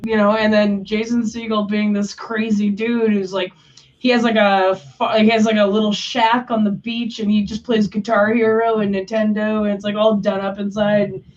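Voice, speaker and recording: A woman's voice: medium pitch, flat delivery, moderate pace, a little mellow. A woman co-hosting a live stream, chatting casually, swearing freely and filling her talk with "like". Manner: chatty, swears, lots of "like" fillers. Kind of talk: casual chat. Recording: distant, dull lo-fi mic.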